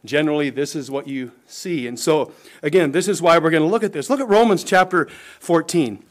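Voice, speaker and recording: A middle-aged pastor preaching a sermon, his somewhat high voice climbing for emphasis and dropping low for asides. He talks to his congregation directly, with a pastor's earnest urgency. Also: fairly quick. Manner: emphatic preaching, rises and falls in pitch and volume, occasional chuckles.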